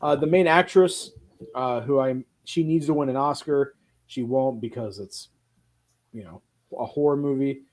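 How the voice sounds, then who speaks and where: A man hosting a casual film podcast, talking in an animated way with quick asides and a lot of swearing. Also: medium pitch. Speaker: podcast host.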